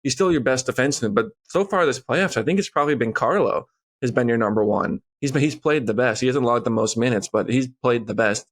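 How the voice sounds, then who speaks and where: Podcast co-host, man, mid pitch, rapid-fire relaxed game breakdown. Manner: rapid, relaxed analysis with frequent fillers. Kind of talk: casual sports chat.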